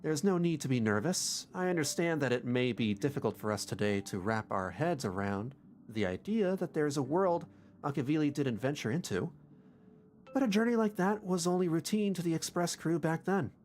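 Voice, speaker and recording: A streamer reading a reserved, nerdy young male crew member's lines in a plain, measured voice. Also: mid-range voice, animated, darkish tone, soft background music, natural voice. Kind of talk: reading game dialogue aloud.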